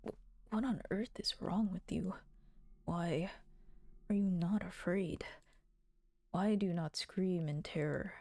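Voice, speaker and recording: A woman voicing a tormented, self-loathing male beast in a visual novel read-through, with a halting, stammering delivery. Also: fairly low pitch, dark tone, no room sound. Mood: bewildered.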